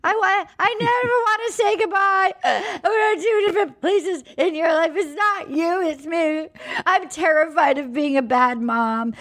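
A woman imitating a tearful, lovesick young woman on a dating show, gushing in a high voice. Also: dry recording, recorded from a distance.

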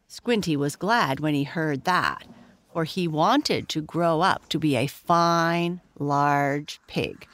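A woman from Canada reading an old children's story aloud, with gentle asides to the listener. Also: low voice, slow.

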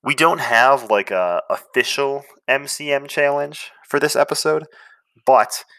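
A man's voice: medium pitch, unhurried, bright, forceful tone, no echo. A man co-hosting a podcast, chatting casually with fillers as he wraps up the episode. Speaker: podcast co-host. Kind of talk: casual chat.

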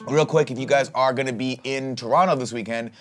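A man's voice: mid-range voice, fairly even intonation, brisk, a bit bright. A man co-hosting a casual comedy podcast in a mid-range voice. He riffs jokes and reads supporter plugs, with faint guitar music playing behind him. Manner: joking, riffing, reads sponsor plugs. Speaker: podcast co-host.

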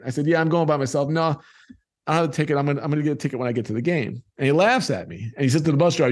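A man's voice: mid-range voice, fast. A middle-aged man telling a personal childhood story and acting out the people in it.

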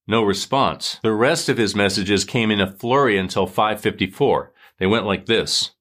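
A man hosting a show, reading a scripted true-crime narration in a measured, dramatic way. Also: lowish voice, expressive, fairly bright tone. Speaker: host.

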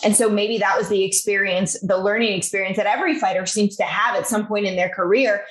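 A woman sports reporter as a guest, chatting casually and giving thoughtful, measured analysis. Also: medium pitch, steady tone, roomy sound, rough recording. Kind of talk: casual interview chat.

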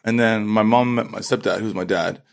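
Lively low-voiced London man. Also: moderate pace, vocal fry. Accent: London English. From London, England. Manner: animated storyteller, acts out quotes. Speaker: fencer, interview guest. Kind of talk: casual interview chat.

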